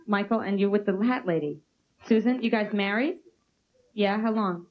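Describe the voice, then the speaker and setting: A woman's voice: mid-range voice, normal speed. A woman doing a stand-up routine, brashly teasing audience members. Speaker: stand-up comedian. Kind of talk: stand-up routine with crowd work. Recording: muffled old VHS tape with hiss.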